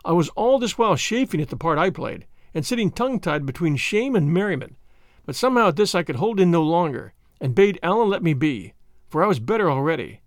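A man reading a classic adventure novel aloud, his fairly high voice lively and wide-ranging in pitch. The storytelling is measured and expressive, recorded close and dry with no room sound. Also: no echo. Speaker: narrator.

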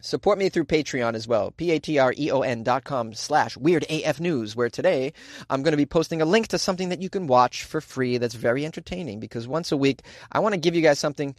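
A man's voice: on the high side, fast, no echo, studio quality. A middle-aged man with a Boston accent hosting a comedic news podcast, joking and ranting sarcastically, recorded in a small closet. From Boston, USA. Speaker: podcast host.

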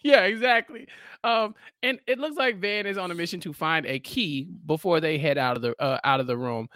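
A woman co-hosting a podcast, recapping a TV episode in casual, animated chat and acting out quotes. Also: on the low side, a little fast, no room sound, clean studio sound. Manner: animated, laughing, acts out quotes. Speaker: podcast co-host.

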